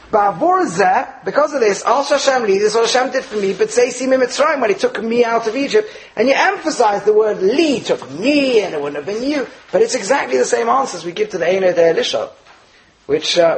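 A man with a high-pitched voice teaches a Torah lesson in an animated, questioning way. He keeps asking rhetorical questions and answers them himself, switching quickly between Hebrew phrases and English. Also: rough recording. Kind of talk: Torah lecture on the Haggadah.

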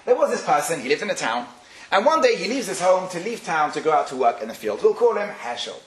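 A man's voice: high voice, big pitch swings, fast. A man giving a religious talk, telling a story animatedly with frequent fillers, in a roomy recording. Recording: roomy with faint hiss.

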